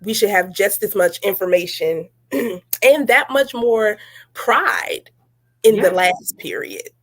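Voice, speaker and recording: A woman's voice: medium pitch, very animated, slow pace. A woman hosting a casual chat, telling stories and laughing often. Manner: chatty storyteller, laughs often. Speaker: podcast host.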